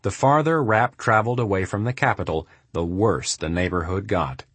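Steady and measured, the deep male voice with its husky texture delivers scripted audiobook narration. There's no echo.

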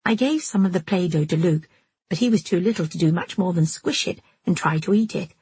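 A woman narrating an audiobook in a very husky, breathy voice that sits on the low side. She tells the story at a measured, steady pace. The sound is close and dry, with no room around it. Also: no echo. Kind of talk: first-person audiobook narration.

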